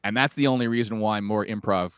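Low-voiced man in dry podcast chat. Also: fast talker, smooth, dry recording. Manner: thoughtful, opinionated, self-correcting. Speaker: podcast co-host. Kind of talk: casual chat.

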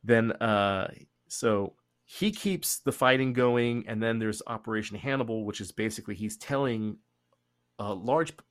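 A man with a Texan accent, hosting a podcast and telling history in a casual, profane way, laughing often and doing quick voices. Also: on the low side, dry recording. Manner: profane, laughing, animated storytelling. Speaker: podcast host.

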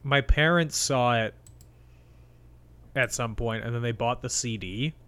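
A young man co-hosting a film podcast, reading out facts in a halting, relaxed way and chatting casually. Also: mid-range voice, smooth. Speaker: podcast co-host. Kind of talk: casual chat.

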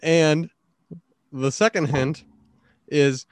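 A man's voice: on the high side, animated, normal speed, a bit bright, no echo. A man with a slightly raised voice running a movie quiz on a casual podcast. He hands out hints patiently, with a teasing edge. The recording is dry and close. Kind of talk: casual chat.

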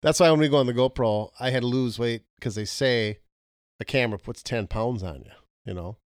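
A middle-aged man co-hosts a podcast on a podcast mic, chatting casually at a fairly quick pace in a mid-range voice. He jokes at his own expense and laughs often. The sound is clean and studio-quality, with no room sound.

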